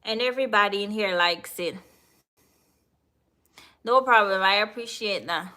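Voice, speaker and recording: Jamaican lady live streaming, slow easy talk, answering chat, kinda high bright voice. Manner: chatty, answers viewers in the chat. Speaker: livestream host.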